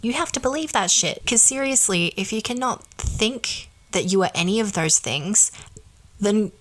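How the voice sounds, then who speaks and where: A woman's voice: mid-range voice, expressive, moderate pace, a bit bright. A woman hosting a podcast, giving an emphatic, blunt motivational monologue and swearing casually. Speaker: podcast host.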